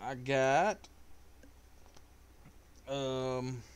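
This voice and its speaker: Excitable, profane streamer man, smooth voice. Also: mid-range voice, drawn-out words. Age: adult with kids. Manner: casual, profane, excitable trash talk. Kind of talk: live-streamed card game commentary.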